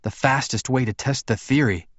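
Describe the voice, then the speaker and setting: Man voicing a calm doctor, measured, explanatory, slightly higher, storybook. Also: husky, no echo, dull audio, close to an everyday voice.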